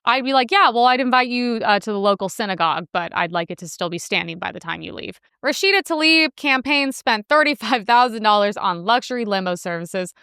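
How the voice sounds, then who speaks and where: A woman's voice: on the high side, pushed and bright, clean tone, dry recording, studio quality. A woman hosting a political commentary show, reacting to news clips in a brash, sarcastic, profane way.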